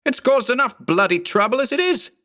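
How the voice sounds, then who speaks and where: A man voicing a panicked, furious balding thirty-year-old man who shouts and swears frantically. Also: high-pitched, big pitch swings, a little fast, voice pushed up, full character voice. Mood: outraged.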